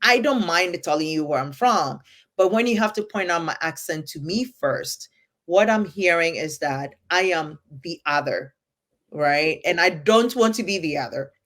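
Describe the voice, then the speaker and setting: A woman who moved to the United States, talking fast and with emphasis in a candid conversation, acting out what people say to her. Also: on the low side, expressive, a bit bright. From immigrant to the United States. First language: English. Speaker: podcast co-host.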